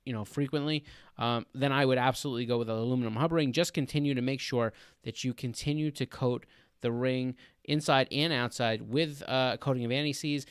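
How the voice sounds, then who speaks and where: Guy hosting a laid back live stream, smooth voice, dry sound, lots of uh and um. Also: mid-range voice, fairly quick, dry recording. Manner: relaxed, filler-heavy explaining with laughter.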